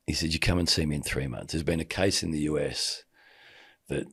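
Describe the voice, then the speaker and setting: A man's voice: extremely low pitch, brisk, fairly bright tone, slightly rough. A middle-aged man telling a personal story in casual conversation, acting out the dialogue as he goes. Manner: vivid storyteller who acts out quoted dialogue. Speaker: podcast guest, sports commentator.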